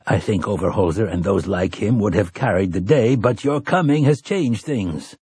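A man voicing an earnest middle-aged priest who talks quickly and a little pleadingly. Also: on the low side, expressive, a little mellow, slightly rough, dry recording, clean studio sound.

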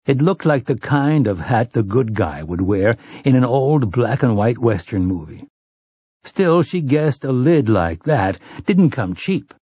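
A man narrating a novel in steady, unhurried audiobook style. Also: mid-range voice, breathy edge, no room sound. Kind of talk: scripted narration.

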